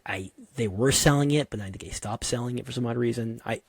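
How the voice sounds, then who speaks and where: A man talking as a podcast guest in a casual interview, an animated, digressive storyteller with slangy asides. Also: medium pitch, fast talker, vocal fry, slightly rough, no echo.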